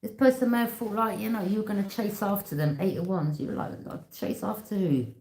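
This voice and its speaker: A tarot reader gives a casual reading in a medium-pitched, slightly mellow voice, talking fast. She speaks bluntly and with emphasis, repeating herself and addressing the viewer directly, and the room around her echoes.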